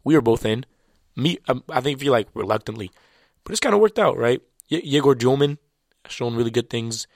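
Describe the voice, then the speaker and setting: A man's voice: mid-range voice, expressive, fairly quick, gravelly, no room sound, clean studio sound. A man whose first language is French, chatting casually about basketball in a loose, slangy way full of restarts. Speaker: basketball commentator. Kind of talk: casual sports talk.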